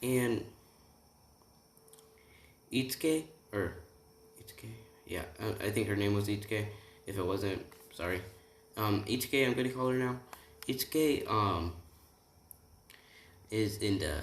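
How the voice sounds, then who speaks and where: Guy rambling thru a fan story, lots of restarts, low voice, echoey room. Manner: rambling, halting, many restarts. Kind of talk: casual retelling of a fan story. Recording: roomy room, distant mic, faint hiss.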